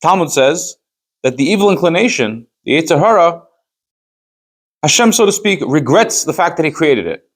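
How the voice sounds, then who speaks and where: This rabbi's voice sits a little high and sounds animated as he teaches a Chassidus class at a moderate pace. He reads Hebrew from a rabbinic text and unpacks it in English with forceful rhetorical questions, as a Torah study class.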